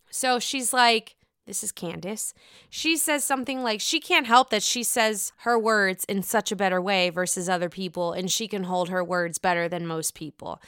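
Bright, profane woman podcaster. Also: fairly high pitch, normal speed, clear, resonant tone, no room sound, clean studio sound. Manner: profane, blunt and sarcastic. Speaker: podcast host. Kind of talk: casual reality TV recap.

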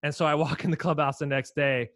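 A middle-aged man, a former pitcher, co-hosting a podcast, telling an animated anecdote in casual chat. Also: quick pace, no room sound, clean studio sound. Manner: animated anecdote teller, quotes others.

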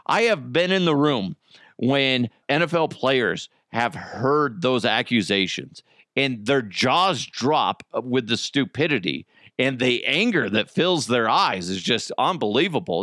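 A man's voice: medium pitch, sing-song, unhurried, fairly bright tone, no room sound, studio quality. A man hosting a solo podcast, ranting profanely and mocking his targets. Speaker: podcast host.

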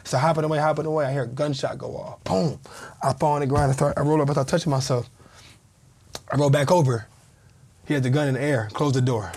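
A man in his thirties who used to play pro football tells a story in a relaxed interview, his voice a little high, quick and breathy at the edges. He's an animated storyteller, acting out the voices of the people he quotes.

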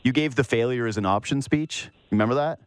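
A man's voice: mid-range voice, brisk, clean tone, no echo, clean studio sound. A man hosting a podcast, asking casual, rambling questions in an interview chat. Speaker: podcast host.

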